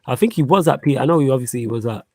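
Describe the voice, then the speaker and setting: A man's voice: medium pitch, animated, rapid-fire, darkish tone, no echo. Guy hosting a footy chat stream, easygoing and slangy, dry close sound. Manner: laid-back, agreeable, slangy. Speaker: host. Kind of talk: casual sports chat reading viewer questions.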